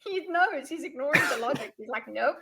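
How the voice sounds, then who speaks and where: High-voiced, excitable woman. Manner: excitable, quick reactions, laughs often. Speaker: podcast co-host. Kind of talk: casual book discussion.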